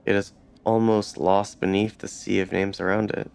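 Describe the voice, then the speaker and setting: Creaky-voiced man reading game text. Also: lowish voice, flat delivery, moderate pace, a little mellow. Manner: reads narration, stops to comment casually. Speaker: let's play host.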